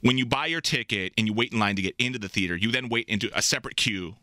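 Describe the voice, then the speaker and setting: Brief: male radio host, quick, bright, jokey, in a dry studio. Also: lowish voice, dry recording. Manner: jokey, teasing, laughs often. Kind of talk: joking radio interview.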